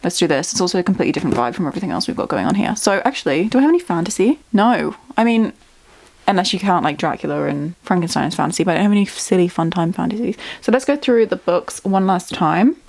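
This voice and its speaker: A woman's voice: on the low side, lively intonation, quick pace, vocal fry, darkish tone. A young woman chatting casually as a book vlogger at home, bubbly and talkative, thinking aloud. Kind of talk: casual chat.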